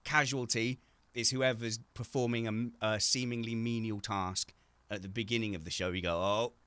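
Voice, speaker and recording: A man's voice: on the low side, fairly even intonation, moderate pace, a bit bright, clear, resonant tone, no room sound. A man hosting a casual video-call chat from home, joking and teasing, with frequent stumbles and restarts. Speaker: host.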